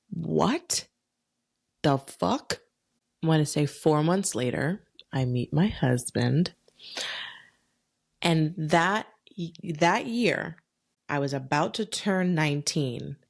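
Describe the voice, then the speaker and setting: A young adult woman hosting a solo podcast, telling a personal story in a frank, profane, animated way. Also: low-pitched, creaky. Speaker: podcast host.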